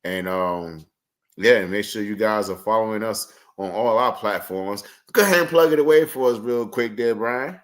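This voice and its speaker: Low-voiced laid-back co-host man. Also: moderate pace, a bit bright. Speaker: podcast co-host. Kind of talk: casual interview chat.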